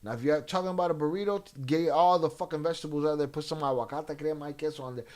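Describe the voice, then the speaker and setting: A man streaming live reads chat in a loose, profane way, sprinkling in Spanish slang as he casually talks. His voice is fairly high and darkish in tone, and he speaks very fast.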